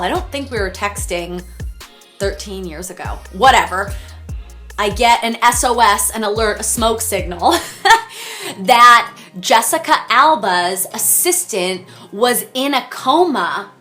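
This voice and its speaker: A woman in her thirties telling stories to camera in a casual vlog, chatty and animated, full of fillers and acted-out exclamations. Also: a little high, unhurried, soft background music. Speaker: celebrity wardrobe stylist telling stories.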